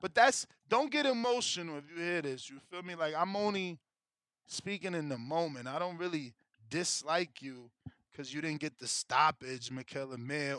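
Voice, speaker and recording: A man rants about boxing in loose, slang-heavy talk full of swearing. His voice sits high and comes across bright and forceful. The sound is dry and close, with no room around it. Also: dry recording. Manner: profane, emotional slangy ranting. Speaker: boxing show host. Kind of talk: casual chat about betting and fights.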